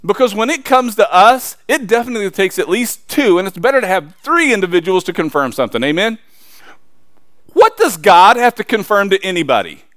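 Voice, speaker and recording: A man preaching a sermon, reading scripture and then talking it through in a casual, emphatic way with sudden loud peaks and quiet asides. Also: high-pitched, big pitch swings, a little fast, no room sound, studio quality. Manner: reads scripture aloud then preaches conversationally with slang.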